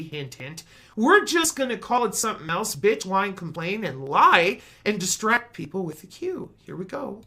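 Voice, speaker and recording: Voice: medium pitch, very animated, moderate pace, pushed and bright. A commentator giving a heated, mocking monologue. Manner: sarcastic, mocking.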